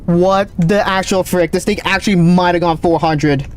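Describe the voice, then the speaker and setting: A man streaming a game live, calling out readings with excited running commentary, his voice cracking. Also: high voice, clean tone. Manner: excited, calls out numbers rapidly. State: voice cracking, thirsty. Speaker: gaming streamer.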